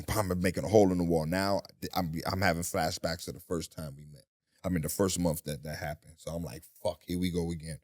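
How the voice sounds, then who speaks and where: A man telling his story as a guest in a casual interview, with profanity and voices he imitates. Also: deep voice. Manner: animated, profane storytelling with mimicked voices and shouting.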